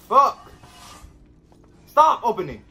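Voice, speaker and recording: A man's voice: very high-pitched, very animated, slow pace, gravelly, pushed and bright, a little hiss or hum. A man commenting while he plays a horror game, jumpy and swearing as he talks to himself. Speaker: gamer playing a horror game. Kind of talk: let's play commentary.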